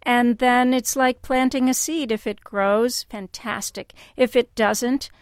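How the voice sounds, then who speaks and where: Woman, call-in radio host, calm, reflective, dry close studio mic. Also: a little high, slow, clean tone, dry recording.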